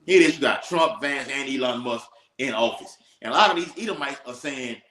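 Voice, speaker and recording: A man's voice: mid-range voice, expressive, fairly quick, fairly bright tone. A man teaching scripture in an emphatic, preacherly way, checking in with "all right?". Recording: echoey room.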